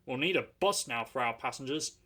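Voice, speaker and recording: A man voicing a calm, practical male engine driver who speaks in a steady, soothing way. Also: medium pitch, fairly quick.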